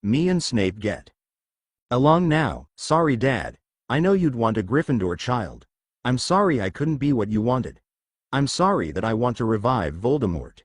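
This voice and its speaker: Man reading a grieving schoolboy wizard, tearful, apologetic, husky. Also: medium pitch, big pitch swings, moderate pace, no echo.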